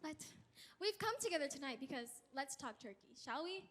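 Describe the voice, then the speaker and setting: A woman's voice: high-pitched, animated, brisk, fairly bright tone, a little hiss or hum. A woman playing a sassy, wisecracking young princess in a live stage musical, making wry, brassy asides to the audience. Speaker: stage actor. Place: school auditorium stage. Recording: long reverb in a big hall.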